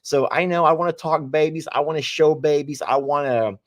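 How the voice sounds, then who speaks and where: A man's voice: fairly high pitch, brisk. A man hosting a casual live stream, teasing and laughing often. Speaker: livestream host.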